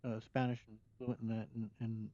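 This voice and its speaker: A man's voice: lowish voice, little pitch movement, normal speed, dark tone. An American man giving casual game commentary, rambling and hesitant as he talks over gameplay. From United States. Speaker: let's play commentator. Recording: dull lo-fi mic over game music.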